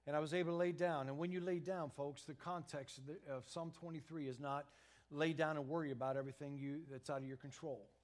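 A middle-aged man preaches with earnest conviction, his voice sitting a little high for a man. He builds to loud emphatic peaks and often stumbles and restarts his phrases as he speaks. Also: steady tone, a little fast. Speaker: pastor. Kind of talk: sermon.

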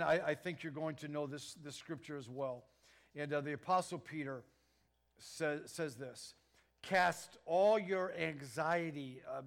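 A middle-aged man preaches with earnest conviction, his voice sitting a little high for a man. He builds to loud emphatic peaks and often stumbles and restarts his phrases as he speaks. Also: creaky. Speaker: pastor. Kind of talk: sermon.

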